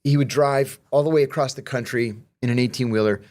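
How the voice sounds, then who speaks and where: A man's voice: medium pitch, steady tone, brisk, darkish tone. A middle-aged man telling prison stories in casual conversation, acting out the quoted exchanges with profanity.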